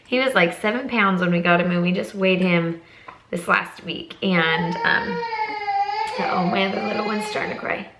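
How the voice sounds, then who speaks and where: A woman's voice: lowish voice, normal speed, a bit bright, slight background noise, low-quality recording. A young woman chatting casually to her phone camera at home, rambling and self-deprecating. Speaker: vlogger and foster mom. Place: home, indoors.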